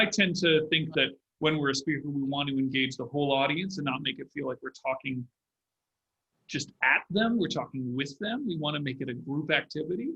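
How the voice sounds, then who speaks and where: Bright-voiced man in an echoey room. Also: on the high side, dull audio. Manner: measured, acts out phrasings to make a point. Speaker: public speaking commentator. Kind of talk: analytical discussion.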